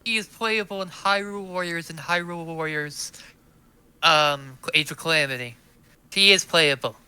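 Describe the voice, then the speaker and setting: Bright sharp voice jumping in on a stream chat, objecting fast. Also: medium pitch, clean tone. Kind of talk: casual chat.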